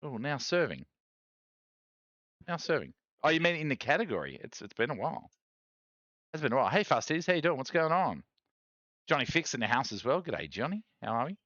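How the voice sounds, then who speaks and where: A man's voice: medium pitch, fairly quick, long pauses, no room sound, dull audio. An Australian man hosting a casual live stream, chatting with viewers and reading chat aloud. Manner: chatty, reads chat aloud, animated rants. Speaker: streamer host.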